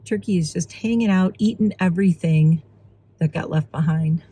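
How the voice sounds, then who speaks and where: A woman vlogging casually while filming birds from her car and yard, chatty and excitable, sometimes out of breath. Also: normal speed, slight background noise, poor audio. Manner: excited and chatty, breaks into high squeals when calling her turkey. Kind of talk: casual vlog narration. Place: in a car and outdoors in a windy yard.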